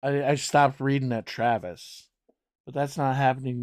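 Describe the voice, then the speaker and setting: A man's voice: medium pitch, steady tone, moderate pace, no echo, clean studio sound. A man streaming a game live, commenting casually and wryly while thinking aloud and swearing now and then.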